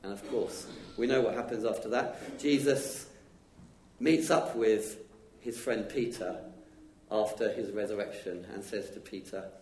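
A man's voice: on the low side, steady tone, darkish tone. A man giving an informal, conversational sermon at a church, chatting with the congregation. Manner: conversational, chatty, acts out quick dialogue. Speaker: lay preacher. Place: church hall. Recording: echoey church room with faint noise.

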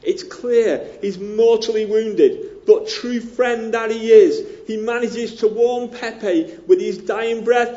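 Northern english guy from near liverpool preaching, chatty and self-deprecating, lots of ums, highish voice, muffled recording. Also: slow, hardly any pauses, warm tone. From northern England. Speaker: pastor. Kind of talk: sermon.

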